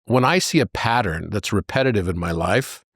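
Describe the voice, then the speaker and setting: A man as a podcast guest, telling anecdotes in an animated way and jumping into high voices for the characters. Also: moderate pace, no room sound, clean studio sound. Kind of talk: conversational storytelling.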